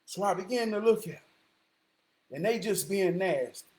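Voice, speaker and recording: A middle-aged man with a high-pitched voice tells a story straight to camera in a loose, casual monologue. He swings between loud, emphatic declarations and quiet, thoughtful asides. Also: animated, normal speed. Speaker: vlogger.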